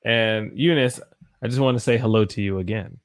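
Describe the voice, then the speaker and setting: Young American male teacher, casual live-stream chat, slightly gravelly voice, animated. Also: fairly low pitch, a little fast. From United States. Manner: chatty, animated, greets viewers by name.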